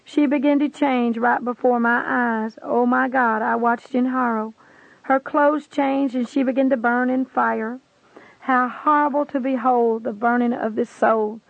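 Brief: woman narrator, solemn preaching cadence, higher voice with a gravelly edge, tinny phone-like sound. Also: steady tone, measured pace, dry recording. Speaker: reader of a religious vision account.

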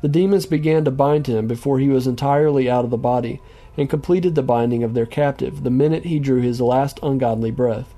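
A man reading a book aloud as narrator in a solemn, measured way. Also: mid-range voice, mellow. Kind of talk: audiobook reading.

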